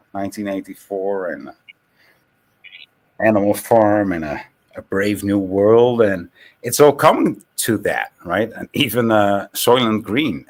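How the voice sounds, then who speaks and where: A man with a Dutch accent talking casually on a call-in stream, rambling and restarting his sentences. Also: on the low side. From Netherlands. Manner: rambling, repeats words and restarts.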